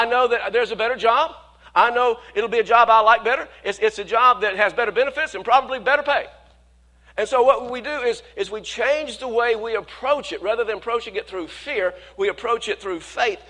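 A male pastor preaching a sermon in a conversational way, often repeating words, speeding up for quoted worries and slowing to stress key points. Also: high voice, bright, forceful tone.

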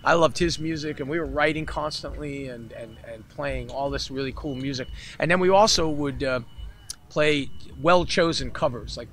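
A man's voice: mid-range voice, normal speed. A man, a musician guest in a casual interview, telling stories and acting out the voices of the people in them. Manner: animated storyteller who acts out other people's voices. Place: festival interview setting.

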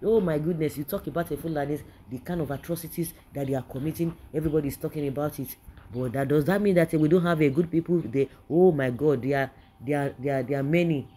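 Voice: medium pitch, fast, dark tone, a little hiss or hum. A political commentator with a Nigerian accent, giving an indignant opinion rant that keeps circling back and repeating phrases.

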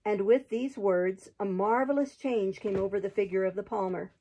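A woman reading a chapter book aloud in a steady, expressive narrating voice. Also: mid-range voice, normal speed, few pauses, poor audio. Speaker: storybook reader.

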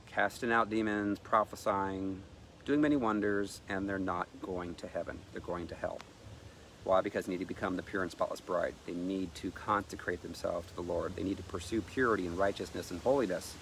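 A man preaching with a fairly low voice, pressing each point hard and reading scripture aloud. Faint noise sits behind his voice. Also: creaky, fairly bright tone. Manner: emphatic, reads scripture aloud. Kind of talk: sermon-style teaching.

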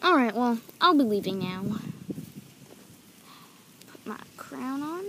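A woman voicing every figure in a homemade toy-figure story, excitable and giggly as she jumps between playful character voices. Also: a little high, takes it slowly, slight background noise. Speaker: toy video creator voicing all figures.

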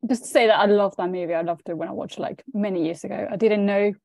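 A woman's voice: medium pitch, fairly even intonation, quick pace, vocal fry, mellow, no echo, clean studio sound. Eager woman with a Spanish accent. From Spain. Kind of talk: casual interview question.

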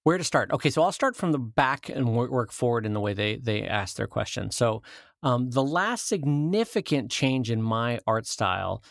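A man's voice: medium pitch, expressive, moderate pace, vocal fry, dry recording, clean studio sound. A man co-hosting a casual podcast, telling stories in a jokey way and acting out quotes. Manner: storytelling, jokey, acts out quotes. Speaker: podcast co-host, cartoonist.

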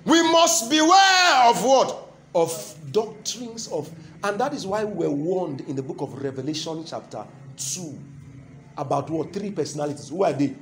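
Nigerian preacher, call-and-response sermon. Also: male voice, fairly high pitch, expressive, moderate pace, darkish tone, slight background noise. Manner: call-and-response, keeps asking the crowd "what?" to complete his lines; emphatic, repeating key phrases.

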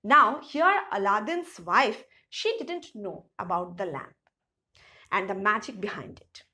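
A woman's voice: mid-range voice, lively intonation, unhurried, pushed and bright. A woman teacher reading a children's story aloud and then retelling each sentence in simpler words, with questions to the class. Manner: asks rhetorical questions to the class. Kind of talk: storybook lesson explanation.

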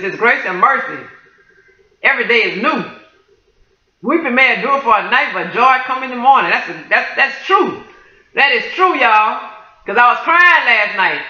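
A woman's voice: on the high side, bright, forceful tone. A woman sharing a testimony and prophetic word in a fervent, exclaiming way, often calling out to her viewers in praise. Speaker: Christian video creator sharing a prophetic dream. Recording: dull lo-fi sound in an echoey room.

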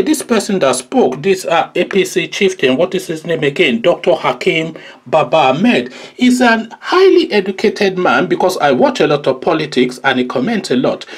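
A man's voice: a little high, breathy edge. A man giving an emphatic, opinionated commentary monologue, often repeating "of course" and "by the way". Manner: emphatic, repeats 'of course' and 'by the way'. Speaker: political commentator.

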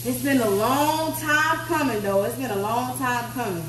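A woman's voice: on the high side, moderate pace, fairly bright tone, a little hiss or hum. A woman vlogger talking casually and candidly to her viewers, venting about her day. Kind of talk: casual vlog chat. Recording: echoey room, mic at a distance.

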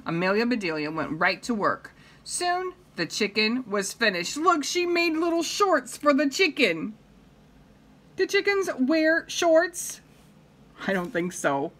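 A woman reading a picture book aloud to children, pausing to comment and ask them questions. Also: a little high, big pitch swings, fairly bright tone. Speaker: reader.

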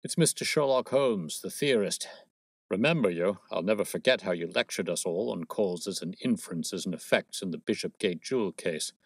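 A man voicing a stout, blustering police detective with a husky, wheezing voice and a pompous manner, read as a storybook. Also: low voice, expressive, moderate pace, no room sound, clean studio sound, full character voice. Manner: pompous, brash, self-satisfied. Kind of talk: storybook reading.

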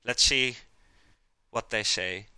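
Very bright, smooth-voiced male streamer. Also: medium pitch, takes it slowly, dry recording. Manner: chatty, rambling, talks to chat while cooking. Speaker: streamer cooking live. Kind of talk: casual live-stream cooking chat.

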